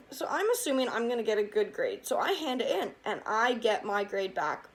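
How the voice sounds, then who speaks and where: A woman's voice: a little high, sing-song, fairly quick, slight background noise. A young woman vlogger chatting casually through a storytime while doing her makeup, retelling scenes with lots of "like".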